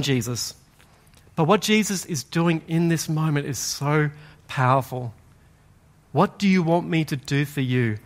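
A man preaching a sermon in a conversational, animated way, acting out quoted voices in a louder tone. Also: a little high. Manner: animated storytelling, acts out quoted voices loudly; conversational, uses "like" often. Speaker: pastor.

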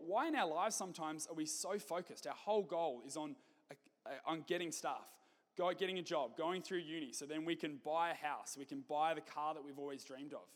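Male preacher, higher pitch, animated and jokey, long church reverb. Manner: lively, animated, jokey asides. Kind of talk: sermon with storytelling.

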